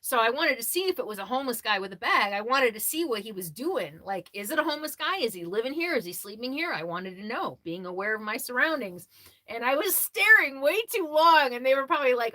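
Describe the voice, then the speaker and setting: A woman hosting a casual livestream about RV life, chatting and answering viewer comments, laughing often and quick to apologize. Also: sits high, sing-song, pushed and bright. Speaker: RV lifestyle livestream host.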